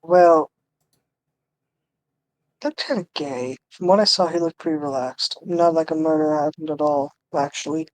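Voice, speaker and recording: A woman's voice: low voice, normal speed, pauses often, darkish tone, no room sound, close to an everyday voice. Woman doing a bumbling crude detective guy. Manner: crude, goofy reading with cursing. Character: bumbling male police detective, eager and hapless.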